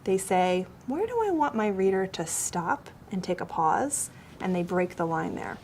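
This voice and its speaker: A woman teacher gently coaching a child one-on-one on his writing, explaining step by step and encouraging him. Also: medium pitch, very animated, unhurried, a little hiss or hum.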